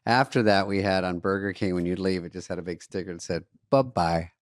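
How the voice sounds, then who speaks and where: Low-voiced man with a dry wit. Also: brisk, no echo. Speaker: podcast co-host. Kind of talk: casual comedic chat.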